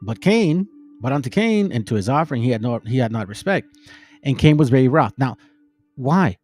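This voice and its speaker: A man's voice: on the high side, expressive, quick pace, darkish tone, soft background music. Slangy man preaching scripture. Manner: preachy, slangy, acts out dialogue. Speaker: host and Bible teacher. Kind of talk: informal Bible commentary.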